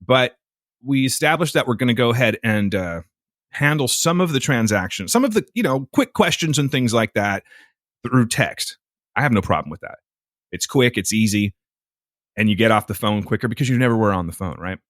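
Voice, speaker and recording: A man's voice: medium pitch, brisk, no room sound, studio quality. A man co-hosting a podcast, telling a story in a casual, exasperated way with plenty of swearing. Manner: profane, exasperated, animated storytelling. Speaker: podcast co-host.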